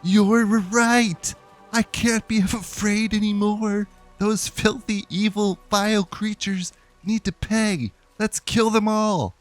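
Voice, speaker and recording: Man doing a high, weepy young priest. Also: fairly even intonation, takes it slowly, soft background music. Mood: determined. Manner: sobbing, stammering pleas. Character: frightened young male priest, weepy and guilt-ridden.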